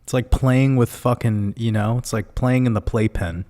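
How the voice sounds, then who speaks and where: A man's voice: medium pitch, steady tone, normal speed, mellow. A man hosting a casual livestream, reading out viewer comments in a loose, profane way and laughing often. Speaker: livestream host.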